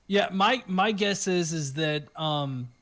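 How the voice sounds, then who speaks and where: High-voiced, blunt, joking man. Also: slow pace, fairly bright tone. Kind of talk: casual discussion, reading scripture aloud.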